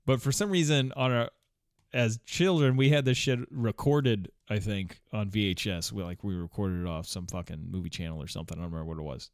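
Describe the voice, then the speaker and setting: A man's voice: lowish voice, fairly quick, clear, resonant tone, dry recording, studio quality. A man in his forties chatting casually at home, meandering with many fillers, restarts, swearing and small chuckles. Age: 40s. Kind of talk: casual rambling vlog chat.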